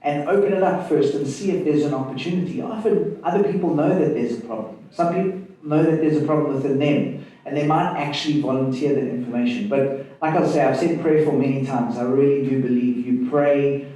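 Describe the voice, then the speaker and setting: A man speaking on a panel at a conference, measured and reflective as he gives advice. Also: medium pitch, mellow, distant mic. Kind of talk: panel discussion. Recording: echoey hall, voice from off the mic.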